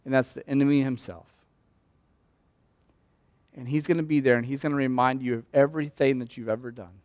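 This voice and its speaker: A man preaching an impassioned Easter sermon as pastor, swinging from hushed talk to shouts. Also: medium pitch, fairly even intonation, fairly quick, no room sound. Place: church sanctuary.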